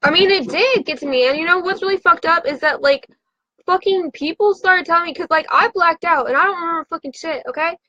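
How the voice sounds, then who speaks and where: Woman, high voice, tipsy, profane, rambling livestream confessional; dry, dull lo-fi recording. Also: a little fast, pushed and bright, no room sound. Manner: profane, rambling, frantic storytelling. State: drinking.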